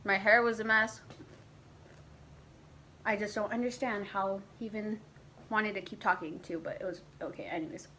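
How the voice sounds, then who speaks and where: A young woman vlogger chatting casually as she tells a personal story, animated and a bit crude, now and then putting on a high squeaky voice for her younger self. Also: moderate pace, pauses often, a little hiss or hum, rough recording.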